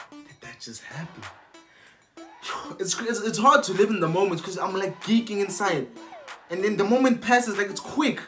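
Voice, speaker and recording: A young man telling an excited storytime vlog, slangy and animated, acting out what people said. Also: fairly high pitch. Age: young adult. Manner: animated, slangy, acts out quotes. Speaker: vlogger.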